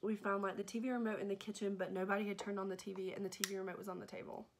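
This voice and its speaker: A young woman telling a dramatic, animated storytime in a vlog, often checking in with "okay?". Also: medium pitch, very fast, noisy background. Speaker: vlogger.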